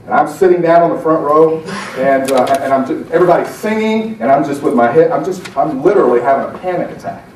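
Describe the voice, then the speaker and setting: A middle-aged man from Alabama giving an animated, self-deprecating storytelling talk to a conference audience. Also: a little high, quick pace, few pauses, distant mic, a little hiss or hum. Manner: animated, self-deprecating, acts out quoted voices. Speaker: motivational speaker. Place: conference breakout room. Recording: echoey hall, speaker off-mic.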